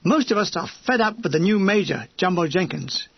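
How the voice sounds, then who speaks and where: A man's voice: high voice, lively intonation, brisk, husky, no echo, muffled recording. A man reading an audiobook of a war memoir in a dry, wry manner. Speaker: audiobook narrator.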